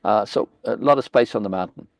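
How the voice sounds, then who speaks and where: A man's voice: lowish voice, a little fast, vocal fry, no room sound. An older man from South Africa hosting a live stream, telling a rambling story with many restarts as he discusses a book. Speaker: host reading and discussing a book. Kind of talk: casual live-stream talk.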